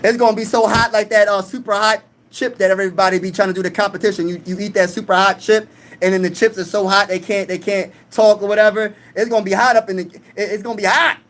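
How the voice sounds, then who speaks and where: A man's voice: high voice, steady tone, fast talker, a bit bright. A young man hosting a live stream in casual chat, reading comments aloud and talking boastfully.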